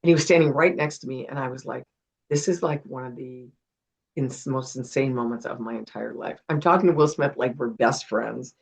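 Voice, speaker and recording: A middle-aged woman with a gravelly, husky voice tells stories as an interview guest. She talks in an animated way and acts out the people she quotes. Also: rumbling low, normal speed, poor audio. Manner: animated storyteller acting out quotes. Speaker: guest, retired television producer. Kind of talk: casual storytelling interview.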